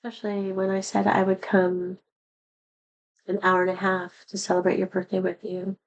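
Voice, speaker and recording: A woman's voice: mid-range voice, monotone, normal speed, gravelly, lo-fi sound, a little hiss or hum. Sad, rambling woman vlogging. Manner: rambling and confessional, sad and candid. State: voice not at full strength after being sick. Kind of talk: personal vlog monologue.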